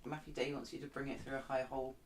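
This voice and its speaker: Low-voiced woman with background noise. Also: level tone, rapid-fire. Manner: chatty, teasing. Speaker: co-host reading out the chat. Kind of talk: casual livestream chat.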